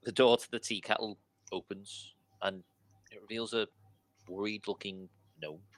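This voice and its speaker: A man narrating a tabletop game as dungeon master, in a relaxed, chatty way. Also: lowish voice, a little slow.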